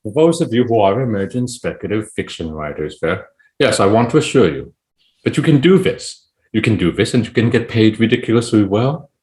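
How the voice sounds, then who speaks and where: A man guesting on a podcast as a poet, talking in a rambling, animated way full of "it's like, you know". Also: on the low side, a little fast. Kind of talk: casual podcast chat.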